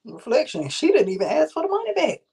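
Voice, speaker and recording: A woman's voice: high voice, very animated, fast talker, creaky, warm tone. A woman hosting a reaction video, commenting bluntly and with profanity and throwing questions at her viewers. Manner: rhetorical questions to the audience.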